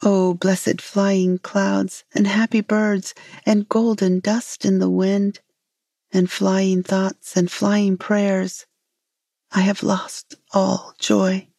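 A woman's voice: on the low side, slow pace, gravelly, mellow, slightly rough, no room sound, studio quality, heavily acted. A woman voicing a pleading moon fairy. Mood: lamenting. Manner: pleading, lyrical.

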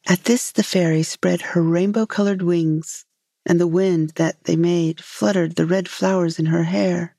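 A woman reading a folk tale aloud in a measured, gentle way. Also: on the low side, steady tone, gravelly, no echo, studio quality. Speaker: storyteller. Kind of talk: storybook reading.

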